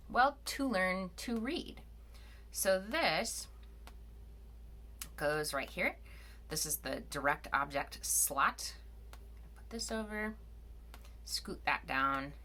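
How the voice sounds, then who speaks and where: A woman's voice: on the low side, bright, forceful tone. A middle-aged woman teaching grammar over a screen recording, explaining patiently step by step and asking questions as she goes.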